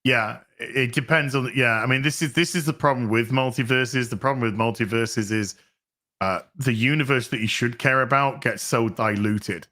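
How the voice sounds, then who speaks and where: A man with a British accent, a guest on a casual live-stream chat, brash and sweary in quick banter. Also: mid-range voice, sharp tone. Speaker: co-host guest.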